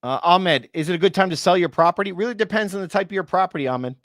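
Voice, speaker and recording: A man's voice: sits high, a bit bright, no echo, clean studio sound. A man, a real estate broker, chatting casually on a livestream and answering viewers by name, his voice going from too much talk. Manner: chatty, addresses viewers by name, quick asides. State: losing his voice.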